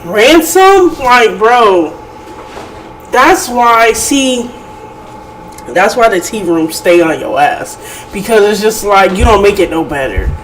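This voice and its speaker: A man's voice: high-pitched, animated, slow, pauses often, a bit bright, slight background noise, poor audio. A man hosting a reaction channel, talking in a casual, incredulous and mocking way, full of slang.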